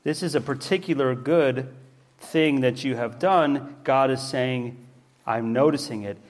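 A man's voice: medium pitch, measured pace. A man preaching a sermon, emphatic and repetitive, putting rhetorical questions to his listeners. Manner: emphatic, repeats key words, asks rhetorical questions.

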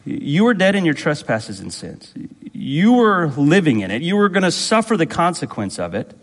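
A man's voice: on the high side, wildly swooping pitch, moderate pace. A man preaching a sermon as pastor, emphatic and repetitive, asking the congregation rhetorical questions. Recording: long reverb in a hall.

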